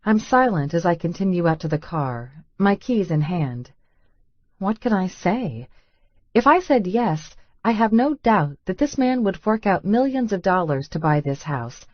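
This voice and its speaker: A woman with a lowish voice reads a romance audiobook in first person, intimate and a little breathless. The sound is close and dry, slightly dull in the highs. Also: dry recording. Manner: intimate, breathless inner monologue. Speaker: audiobook narrator.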